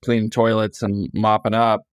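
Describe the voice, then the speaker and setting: Low, dry-miked man telling long stories with easy restarts and quoted voices. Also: normal speed, clear, resonant tone, no room sound. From California, USA. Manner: relaxed, rambling, frequent restarts and quoted dialogue. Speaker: guest author. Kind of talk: casual storytelling interview.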